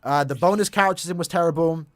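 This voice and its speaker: A young man chatting casually on a live game stream, talking in quick bursts and laughing easily. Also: a little high.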